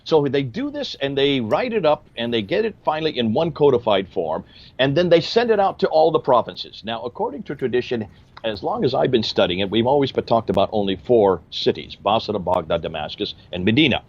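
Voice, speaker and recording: A man's voice: medium pitch, sing-song, fairly quick, highs cut off. A man explaining at length in a discussion, emphatic and fond of rhetorical questions. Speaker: Christian apologist explaining history. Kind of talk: lecturing discussion.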